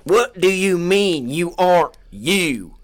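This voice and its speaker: Man doing a loud, stern interrogating doctor. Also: high voice, lively intonation, slow, voice pushed up. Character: male doctor interrogating a reanimated corpse.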